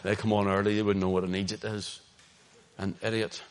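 A man with a Northern Irish accent preaching an impassioned sermon, swinging between loud emphasis and hushed asides. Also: on the low side, level tone, fairly quick. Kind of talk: sermon, streamed online.

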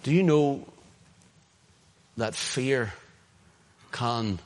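A Northern Irish man preaching a sermon with fervour, his voice sitting at an ordinary middle pitch. He drives points home loudly, then drops to quiet asides. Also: drawn-out words. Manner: impassioned, swings between loud emphasis and hushed asides. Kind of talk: sermon, streamed online.

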